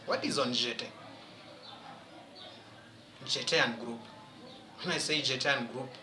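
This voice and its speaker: A man's voice: medium pitch, reverberant, noisy background. A man teaching a French exam-prep lesson, emphatic and questioning his students as he goes.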